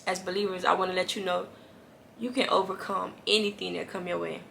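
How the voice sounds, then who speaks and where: A woman's voice: fairly low pitch, little pitch movement, a little fast, creaky, fairly bright tone, a little hiss or hum. A woman giving an earnest, casual devotional talk to camera, encouraging viewers and repeating lines for emphasis. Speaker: Christian faith vlogger.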